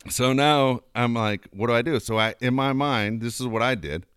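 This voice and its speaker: A man's voice: mid-range voice, moderate pace, fairly bright tone, smooth, dry recording, studio quality. A man hosting a casual talk show, telling a rambling story earnestly and laughing often. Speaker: podcast host.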